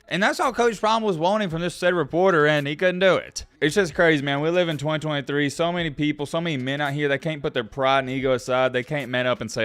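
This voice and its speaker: A man giving casual sports commentary, animated and excitable, talking straight to his viewers. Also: on the high side, quick pace, hardly any pauses, clear, resonant tone, no echo, studio quality.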